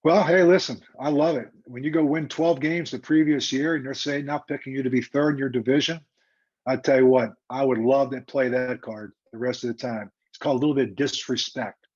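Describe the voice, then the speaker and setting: An older man, a retired football coach, telling a story in a lively, emphatic, conversational way during an interview. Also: medium pitch, fairly quick, breathy edge. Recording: dull lo-fi remote audio.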